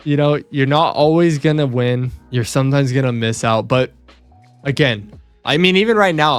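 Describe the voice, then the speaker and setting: A young man walking through trading charts on screen, excitable and self-mocking, repeating himself as he talks. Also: mid-range voice, normal speed, clean tone, soft background music. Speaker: trading video host. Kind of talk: screen-share chart walkthrough.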